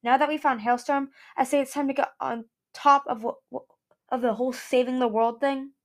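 A woman's voice: high-pitched, fairly even intonation, fairly quick, voice pushed up. A woman voicing a loyal young male dragon who speaks up eagerly for his friends.

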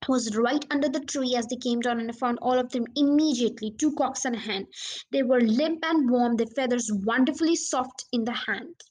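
A woman narrating a children's storybook as an audiobook reader, in a steady, plain reading manner. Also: fairly high pitch, moderate pace.

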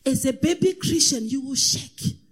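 A woman preaching a sermon in a sing-song cadence, swinging between impassioned shouts and hushed asides. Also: sits high, normal speed. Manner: sing-song cadence, repeats praise refrains.

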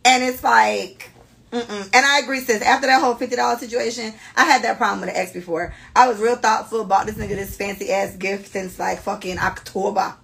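A young woman hosting a podcast, chatting casually and reading listener stories in a brash, animated way. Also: medium pitch, fairly quick, gravelly. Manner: animated, brash storytelling with frequent cursing. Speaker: podcast host.

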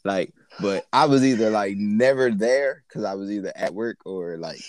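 A young man co-hosting a podcast, telling stories in relaxed slang-heavy casual chat. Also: lowish voice, normal speed, no room sound. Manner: laid-back storytelling with slang and frequent laughter. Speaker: podcast co-host.

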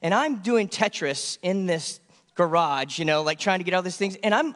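A man preaching a sermon as pastor, telling stories in an animated way and acting out the voices of the people in them. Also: high voice, moderate pace. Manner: animated storytelling, acts out voices of kids and friends. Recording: long hall reverb.

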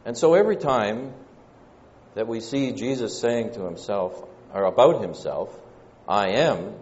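A man with a Southern American accent preaching a sermon, measured and pausing, often saying "uh". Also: mid-range voice, a little mellow. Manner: measured, pausing delivery with frequent "uh" fillers. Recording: dull lo-fi church recording with long reverb.

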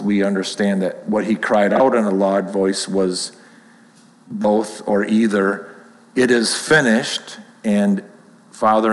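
Low-voiced man preaching in a reverberant hall. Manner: measured, explanatory, reads aloud then comments. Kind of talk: sermon with scripture reading.

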